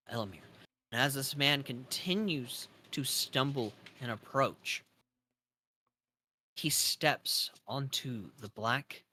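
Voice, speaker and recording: A man narrating as game master of a tabletop game, describing scenes slowly with fillers and pauses. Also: on the high side, sharp tone.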